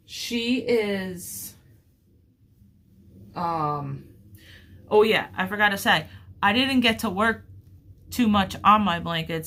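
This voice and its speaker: Woman crochet vlogger, slow easy pace, bright clear tone, chatty and upbeat. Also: lowish voice. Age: adult with children. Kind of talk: casual crochet-along chat.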